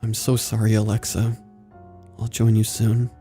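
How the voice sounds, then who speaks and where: A man reading a horror story aloud in a steady, somber scripted narration. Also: lowish voice, normal speed, faint music behind.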